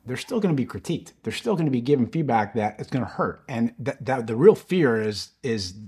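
A man's voice: medium pitch, big pitch swings, a little fast, darkish tone, breathy edge. A man interviewing a guest, framing his questions thoughtfully and at length.

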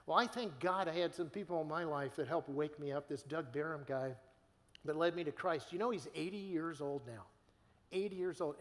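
A man preaching a sermon in an earnest, conversational way, stumbling and restarting as he speaks, heard with church hall reverb. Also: high voice. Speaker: guest preacher.

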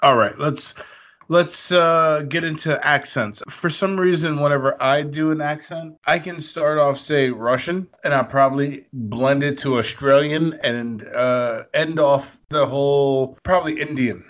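A man's voice: fairly high pitch, a little slow, fairly bright tone, dull audio. A man co-hosting a podcast, joking and playful in casual comedy banter, fond of odd words. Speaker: podcast co-host.

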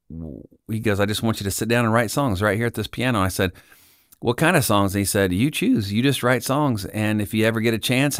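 A middle-aged man from Kansas, a podcast guest telling a story in casual chat, acting out the dialogue with lively voices. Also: fairly low pitch, clear, resonant tone, no room sound, clean studio sound. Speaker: podcast guest, Christian singer-songwriter.

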